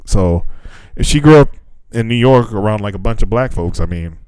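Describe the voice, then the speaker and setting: A man's voice: fairly low pitch, expressive, normal speed, darkish tone, clear, resonant tone, no echo. A man co-hosting a podcast in loose, casual chat, swearing freely and laughing often. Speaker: podcast co-host.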